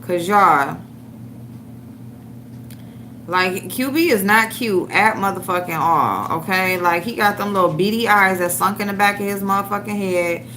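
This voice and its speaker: Woman host ranting on a livestream, mocking and cussing, sharp bright voice, faint noise behind her. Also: mid-range voice, moderate pace, hardly any pauses. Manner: profane, mocking, trash-talking; talks to viewers while searching for a clip. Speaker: online show host.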